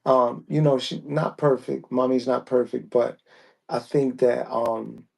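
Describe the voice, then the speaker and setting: Gravelly, measured male podcast host. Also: mid-range voice, level tone. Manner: slow, measured questions with fillers. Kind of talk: casual podcast interview.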